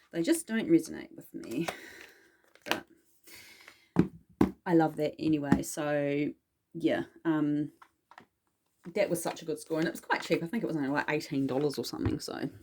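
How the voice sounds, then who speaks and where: Woman, low voice, soft and mellow tone, casual vlog chat, rambling, self-deprecating. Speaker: witchcraft vlogger.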